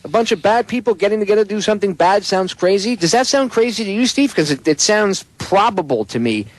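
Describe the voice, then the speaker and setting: A man's voice: sits high, lively intonation, fast, dry recording, low-quality recording. A man hosting a talk radio show, ranting in an emphatic, sarcastic and profane way. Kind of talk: casual talk radio chat.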